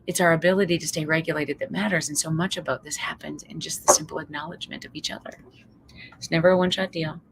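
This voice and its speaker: A woman psychologist from Canada giving a motivational talk, lively and acting out quoted voices. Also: quick pace, vocal fry, hardly any pauses, background noise. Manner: lively, acts out quoted voices with big pitch jumps. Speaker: psychologist and speaker.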